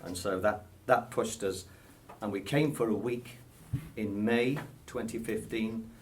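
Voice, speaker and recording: A man's voice: on the low side, a little slow, a little hiss or hum. A British man in his sixties with a British accent, answering interview questions in a hesitant, chuckling way full of ums. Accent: British English. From Britain. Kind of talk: casual interview.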